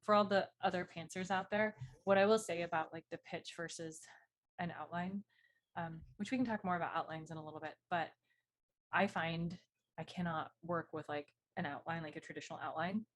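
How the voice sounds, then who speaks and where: Woman, low voice, casual co-host chat, friendly, supportive. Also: fairly even intonation, a little fast. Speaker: podcast co-host, novelist.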